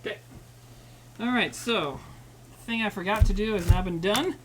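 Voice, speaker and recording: This live-cooking streamer talks at a moderate pace in a high, fairly bright voice, with a little hiss or hum on the low-quality audio. Casual and rambling, he swears and pokes fun at himself while chatting with his viewers.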